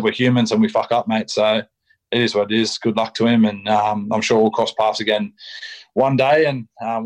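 A young Australian man talks in a low, fairly flat voice, speaking candidly as a podcast guest. He is casual and blunt, swears freely, and fills his sentences with ums and restarts. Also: poor audio. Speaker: rugby league player, podcast guest. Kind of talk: candid interview chat.

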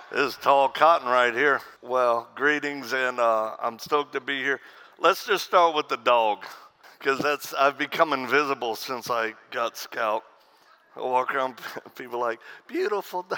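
Bright-voiced man telling folksy stage stories. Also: mid-range voice, measured pace, clean tone. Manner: folksy storyteller, acts out quoted voices, laughs at own stories. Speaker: pastor. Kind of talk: humorous speech to a conference crowd. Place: conference stage.

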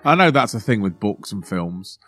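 Low-voiced easygoing man, podcast guest. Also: very animated, a bit bright. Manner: easygoing, chatty, quick to laugh along. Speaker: comedian guest. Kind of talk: casual podcast chat.

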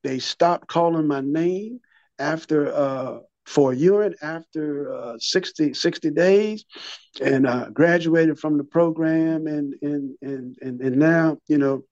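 A man's voice: on the high side, slow pace, darkish tone, dry recording, highs cut off. A man in his fifties or older, telling his recovery story in an interview, a vivid storyteller who repeats and restarts his words and acts out what people said.

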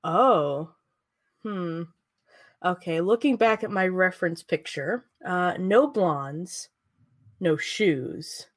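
A woman's voice: on the low side, expressive, slow, no room sound. A woman chatting casually as a podcast co-host, making sarcastic, jokey guesses and laughing often. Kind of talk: casual chat, guessing at quiz questions.

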